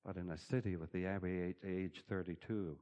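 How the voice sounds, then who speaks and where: A man preaching a sermon, swinging between loud, emphatic bursts and quiet, chuckling asides. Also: low voice, fairly even intonation, fairly quick, muffled recording.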